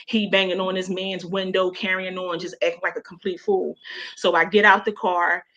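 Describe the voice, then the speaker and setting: A woman's voice: lowish voice, flat delivery, moderate pace, bright, forceful tone. A woman with a Baltimore accent telling a personal story as a guest on a radio show, emotional and conversational, full of "you know". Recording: dull lo-fi sound.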